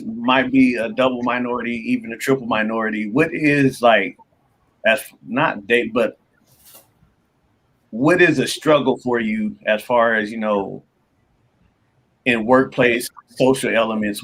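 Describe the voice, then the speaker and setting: Man, mid-pitched voice, panelist asking a question, hesitant and searching for words. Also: a bit bright. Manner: hesitant, with fillers and restarts. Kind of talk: casual podcast chat.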